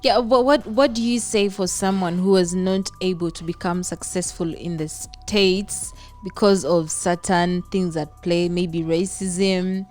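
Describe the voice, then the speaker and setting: A woman's voice: on the low side, steady tone, unhurried, darkish tone, soft background music. A woman co-hosting a podcast, asking prompting questions and giving short affirmations in casual chat. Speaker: podcast co-host.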